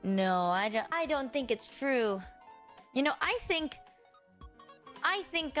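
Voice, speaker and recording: High, unhurried text-to-speech woman. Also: soft background music. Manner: flat text-to-speech delivery, teasing. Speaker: streamer. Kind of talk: casual stream chat.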